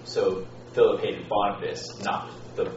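A male student asks tentative questions from across the room. His voice is very low and far from the mic. The sound is muffled and heavily echoed, over clear room noise. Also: flat delivery, normal speed. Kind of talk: classroom question. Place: classroom. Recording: distant, very echoey, muffled classroom recording.

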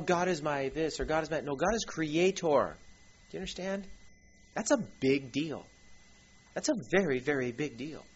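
A man preaching a lecture-style sermon with a husky voice, animated and full of asides. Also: fairly high pitch. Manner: animated, with asides and quick acted quotes. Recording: dull lo-fi recording.

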